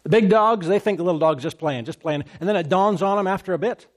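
A man's voice: sits high, quick pace. A man preaching a sermon as a pastor, in a conversational tone, repeating phrases and asking the congregation "Amen?".

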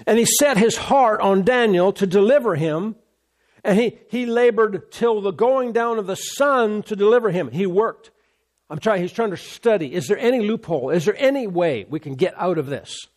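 A man preaches a sermon in a slightly higher-than-usual voice. He reads a scripture story and stops now and then for casual, plain-spoken asides. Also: expressive, normal speed, darkish tone. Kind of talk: sermon, reading scripture and commenting.

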